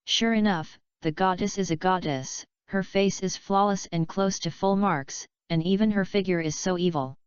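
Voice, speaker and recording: A woman narrating a novel audiobook in an even, unhurried reading voice. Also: fairly low pitch, clear, resonant tone, no room sound. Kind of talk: scripted narration. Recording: dull lo-fi dry recording.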